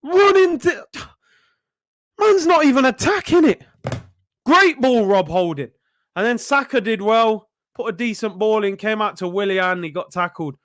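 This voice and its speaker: A young man hosting a live football watchalong, reacting excitedly and yelling at the players. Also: high-pitched, unhurried. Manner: excitable, shouting at players, frequent outbursts. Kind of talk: live match reaction commentary.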